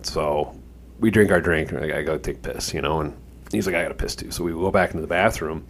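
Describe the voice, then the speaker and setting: A man's voice: extremely low pitch, fast, a little hiss or hum. A man co-hosting a podcast, telling a rambling, profane anecdote in casual chat, full of "like" and "you know". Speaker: podcast co-host.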